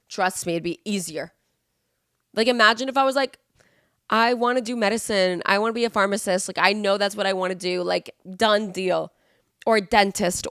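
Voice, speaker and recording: A woman in her twenties hosts a solo podcast while sick with the flu, rambling earnestly through motivational advice full of fillers. Her lowish voice is creaky, recorded dry with studio quality.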